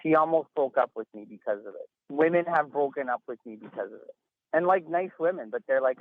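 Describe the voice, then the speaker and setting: A man's voice: fairly high pitch, expressive, brisk, dry recording. A man speaks through a tinny phone line in a dry, close recording. He talks in an emphatic, rambling way and sounds worn out with exasperation. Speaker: interview guest. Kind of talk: casual phone interview. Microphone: phone call.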